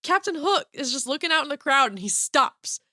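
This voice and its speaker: A woman's voice: sits high, fairly quick, dry recording, clean studio sound. A woman co-hosting a podcast, telling stories in casual chat and acting out the dialogue. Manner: animated storyteller, acts out dialogue. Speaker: podcast co-host.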